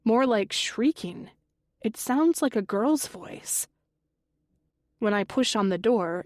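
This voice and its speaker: A woman narrating a first-person mystery audiobook in a measured, even voice. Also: medium pitch, no echo, clean studio sound.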